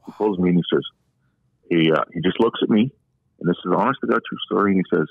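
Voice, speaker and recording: A man's voice: low-pitched, fast, vocal fry, husky, no room sound. A man in his forties, a podcast guest, telling long candid stories from his playing career in a casual, rambling way. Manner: long-winded, candid storyteller. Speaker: podcast guest, former pro hockey player. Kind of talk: casual anecdotal storytelling. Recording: thin phone-line sound, dry.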